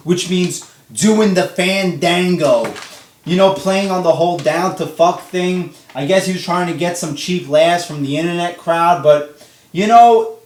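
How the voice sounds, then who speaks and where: A young man delivers a profane, exasperated rant reviewing a wrestling show. His voice sits a little high. He is set back from the mic, and the room adds a noticeable echo. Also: darkish tone. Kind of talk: casual vlog review. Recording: roomy echo, distant from mic.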